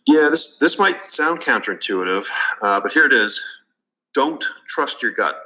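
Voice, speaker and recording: A man's voice: medium pitch, lively intonation, unhurried, sharp tone, rough recording. A man being interviewed on a business podcast, telling stories from his work in an earnest, conversational way. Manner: earnest storytelling with fillers and restarts. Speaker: guest, business consultant. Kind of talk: casual interview.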